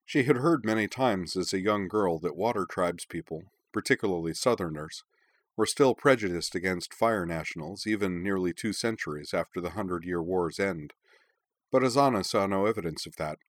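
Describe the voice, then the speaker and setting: Deep guy reading a story aloud, calm, dry close sound. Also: moderate pace, no echo. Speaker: narrator. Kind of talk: audiobook narration of a story.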